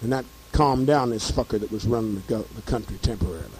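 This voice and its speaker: A hoarse man telling a story in a fiery, profane monologue, repeating himself as he works up to shouting. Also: lowish voice, quick pace, a little hiss or hum, rough recording.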